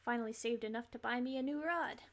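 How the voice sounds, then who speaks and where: A weathered old fisherman back from the sea, hearty and friendly, talking in a rough sea-dog lilt, as a woman puts him on while reading a game's lines aloud. The voice sits a touch high for an old sailor. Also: very slow, pushed and bright, exaggerated voice. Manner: improvised salty sea-dog accent. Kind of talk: reading game dialogue aloud on stream.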